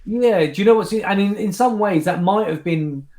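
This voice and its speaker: Man, magician guest, casual chat, animated storytelling, echoey room. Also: sits high, moderate pace. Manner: animated storyteller, restarts and fillers. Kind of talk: casual chat recounting anecdotes.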